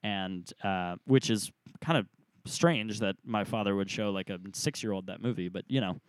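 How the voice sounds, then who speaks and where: A man's voice: fairly low pitch, normal speed, dry recording. Earnest young man, dry close sound. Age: 20s. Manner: earnest, animated, laughs often. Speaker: podcast co-host. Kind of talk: casual chat.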